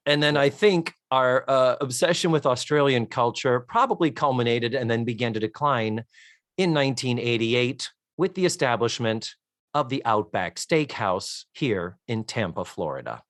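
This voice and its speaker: This middle-aged American podcast host is wry and chatty, swearing offhandedly as he mixes loose conversation with reading out a synopsis. His medium-pitched voice is animated, at normal speed and fairly bright, recorded close and dry with no echo or room sound.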